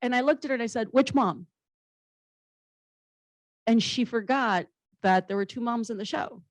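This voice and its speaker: A woman comedian and actress, her voice on the high side and her pace fast, tells frank, funny stories on a panel while swearing casually. The recording is dry and the audio poor.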